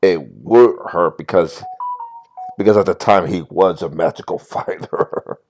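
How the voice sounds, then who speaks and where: A man's voice: low voice, unhurried, a little mellow, faint music behind. A man playing in a tabletop game who makes casual joking remarks. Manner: laughing, joking asides. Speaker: player. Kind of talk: casual chat.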